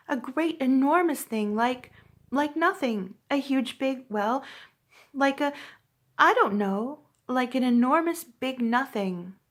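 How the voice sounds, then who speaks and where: A woman's voice: high-pitched, voice pushed up, full character voice. A woman voicing a small, timid male piglet who stammers and gasps in fright, read from a storybook. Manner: frantic, breathless, stammering.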